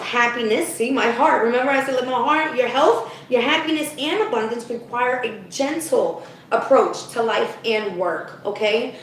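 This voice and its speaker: A woman's voice: on the high side, lively intonation, normal speed, very echoey, far from the mic, a little hiss or hum, rough recording. A woman giving a live spiritual card reading to her viewers, talking casually, often checking in with "okay?", and losing her voice. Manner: chatty, addresses viewers as "guys", frequent "okay?".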